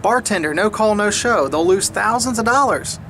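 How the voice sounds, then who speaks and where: Brief: man, high voice, wry and laughing, mimics others; faint background hiss. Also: expressive, pushed and bright. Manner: mocking others in higher, slower put-on voices; frequent laughter and repeated restarts. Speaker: speaker sharing his views. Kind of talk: casual monologue.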